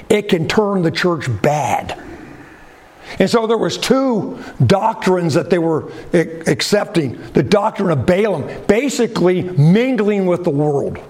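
A man preaching with a high voice, unhurried and deliberate. He asks the congregation questions and lands his points with falling phrase endings. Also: a little mellow. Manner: drops pitch sharply at the ends of phrases. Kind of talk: sermon.

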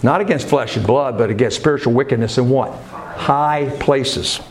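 A man's voice: mid-range voice, fast talker, darkish tone. A man delivers a sermon, stopping to ask the congregation questions and then answering them himself. He has a mid-range voice. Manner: preaching with call-and-response questions. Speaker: pastor.

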